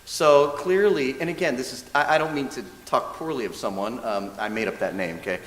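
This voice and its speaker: A man serving as a minister's assistant gives a dharma talk, telling a story in a lively, self-mocking way and acting out what people said. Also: medium pitch, a little fast. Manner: lively, self-mocking storyteller who often laughs and acts out quotes. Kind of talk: storytelling sermon. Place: church hall. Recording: echoey hall with faint hiss.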